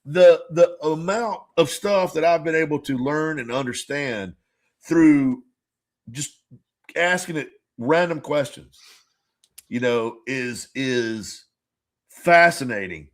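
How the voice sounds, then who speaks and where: A man with a fairly high voice co-hosts a casual podcast chat. He tells long, rambling stories, plays out both sides of conversations, and curses freely. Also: takes it slowly. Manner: rambling storyteller who swears freely and acts out conversations. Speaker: podcast co-host.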